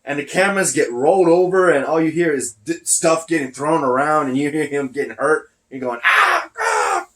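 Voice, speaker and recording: Rambling man, breathy through a mask. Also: fairly high pitch, fairly quick, few pauses. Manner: rambling, loses his train of thought. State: short of breath. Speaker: podcast host. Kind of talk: casual wrestling recap chat. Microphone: wearing a face mask.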